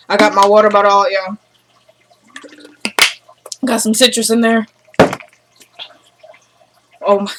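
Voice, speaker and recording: A young woman vlogger recapping a TV episode in an excited, breathless way, talking to her viewers as y'all and acting out what the characters say. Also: medium pitch, takes it slowly, pauses often, noisy background. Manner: animated, breathless, addresses viewers as y'all, acts out character dialogue.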